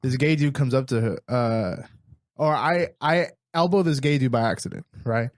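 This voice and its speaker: A man's voice: mid-range voice, normal speed, dry recording, studio quality. A man co-hosting a podcast, telling stories in casual chat and laughing often. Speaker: podcast co-host.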